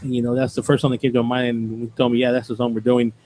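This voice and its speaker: A man's voice: mid-range voice, flat delivery, racing, mellow. A middle-aged man hosting a radio show in casual chat, rambling and repeating himself.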